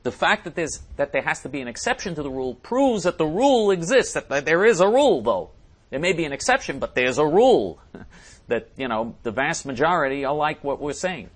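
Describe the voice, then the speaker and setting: A man hosting a talk show, delivering an emphatic, scornful monologue with many restarts and sudden swings in loudness. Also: medium pitch. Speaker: talk show host reading listener messages. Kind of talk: ranting monologue.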